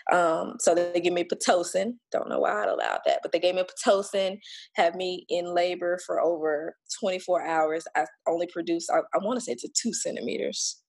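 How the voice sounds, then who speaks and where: A woman on a podcast describes her birth experience in a frank, emphatic, casual way, occasionally swearing and playing out others' lines to her. Her voice is on the low side, gravelly and a bit mellow with a breathy edge, at normal speed.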